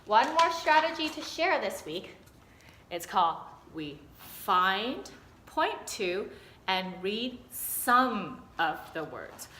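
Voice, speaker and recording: A woman teacher speaking slowly and clearly to parents, with a sing-song storytime delivery, in what sounds like a classroom. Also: medium pitch, sing-song, sharp tone. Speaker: kindergarten teacher. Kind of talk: recorded update for parents. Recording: echoey room, faint hiss.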